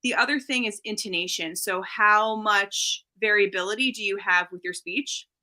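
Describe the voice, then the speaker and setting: A woman's voice: mid-range voice, normal speed, pushed and bright. A woman speech-language pathologist explaining voice training in an interview, demonstrating where the voice sits as she talks. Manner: demonstrates voice placement while explaining.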